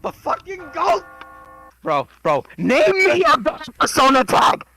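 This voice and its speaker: A young man reacting to a video game with loud, excitable outbursts and a lot of swearing. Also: very high-pitched, measured pace, slight background noise.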